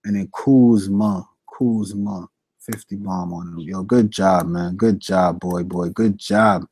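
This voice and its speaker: A young man streaming fantasy sports picks in casual chat, slangy and animated, reading out chat shout-outs. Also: low-pitched, slow pace, slightly rough, no room sound.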